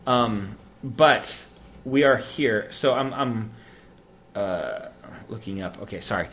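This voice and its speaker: A man's voice: lowish voice, slow, fairly bright tone, slightly rough. A man from the United States co-hosting a podcast, chatting casually and joking with frequent laughs. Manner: joking, laughs often, rambling. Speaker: podcast co-host.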